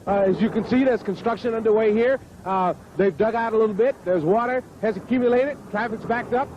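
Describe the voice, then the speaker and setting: Annoyed male field reporter, high-pitched, muffled outdoor audio with traffic noise. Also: fairly quick. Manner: irritated, swearing. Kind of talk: live news report.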